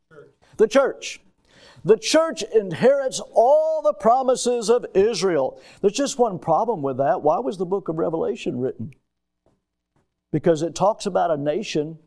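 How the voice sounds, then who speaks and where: A man's voice: high-pitched, a little mellow. A man preaching an expository sermon, reading scripture aloud and questioning his congregation like a teacher. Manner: reads scripture in King James wording. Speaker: pastor.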